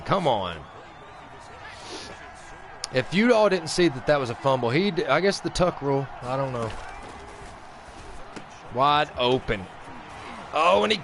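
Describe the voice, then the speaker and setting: A man's voice: medium pitch, normal speed, a little hiss or hum. Ranting man calling his own football game. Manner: venting, swings between flat grumbling and excited outbursts. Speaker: gaming channel host. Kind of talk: let's-play commentary with mock play-by-play.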